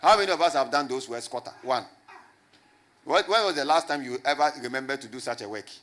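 A man's voice: medium pitch, fast talker, fairly bright tone. A middle-aged man, a pastor, preaching a sermon and asking his congregation to repeat his words back. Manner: call-and-response preaching, repeats questions to the crowd.

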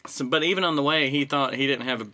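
Bright-voiced man telling a story. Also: medium pitch, fast. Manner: storytelling, easygoing, frequent throat clearing. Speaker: podcast co-host telling a story. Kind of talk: casual chat.

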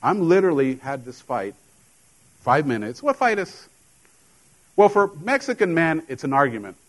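A middle-aged man delivers a sermon in church, his carrying a tinge. He talks to the congregation like old friends, mixing jokes and laughs into the preaching. His voice sits slightly high for a man. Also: sing-song, normal speed, poor audio. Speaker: pastor.

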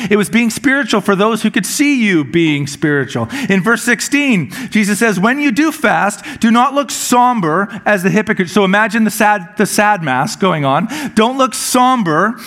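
A man with a notably high voice preaches in an easygoing, conversational way. He mixes scripture with light humor and often stumbles over a word and repeats it as he restarts a phrase. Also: a bit bright. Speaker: pastor. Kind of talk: sermon.

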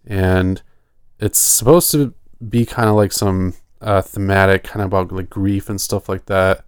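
A man co-hosting a horror podcast in casual chat, relaxed and rambling, laughing often. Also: low-pitched, unhurried, smooth, no room sound, studio quality. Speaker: podcast co-host.

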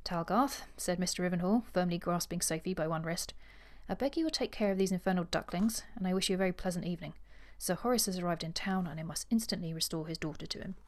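Expressive woman reading a novel aloud. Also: on the low side, fast talker, few pauses. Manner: expressive reader, acts out dialogue, laughs easily. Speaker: podcast co-host. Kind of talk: reading a novel aloud, then casual chat.

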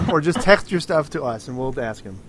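A man's voice: fairly high pitch, lively intonation, moderate pace, background noise. A man co-hosting a talk show, trading casual banter with dry, understated remarks. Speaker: co-host.

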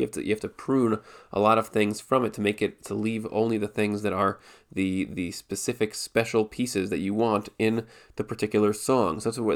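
A man giving a spoken lesson on Jewish law, thinking aloud with frequent restarts and repeated words. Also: fairly low pitch. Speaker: Torah teacher.

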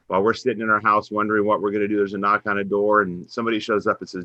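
A man's voice: fairly low pitch, rapid-fire, hardly any pauses, no echo, lo-fi sound. Earnest middle-aged man telling a story. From Minnesota. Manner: earnest, faith-centered storytelling, animated when quoting others. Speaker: head women's basketball coach, guest. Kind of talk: storytelling in a podcast interview.

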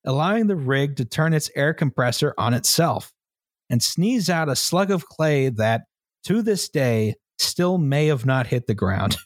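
A man's voice: mid-range voice, lively intonation, a little slow, no room sound. A man co-hosting a podcast, recounting a story with dry humor in casual banter. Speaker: podcast co-host.

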